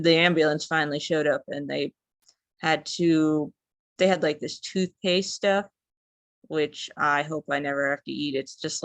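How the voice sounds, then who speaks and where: A young woman tells a personal story for a class speech, with a slight gravelly fry in her voice. She rambles casually, with lots of fillers and restarts. The sound is close and dry. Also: low-pitched, no room sound. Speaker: student speaker.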